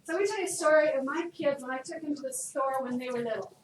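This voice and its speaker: A woman's voice: sits high, fast talker. Woman chemistry teacher, chatty classroom lecturer who quizzes students; distant mic with room echo. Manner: lively, chatty, asks the class questions. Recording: echoey room, distant, noisy.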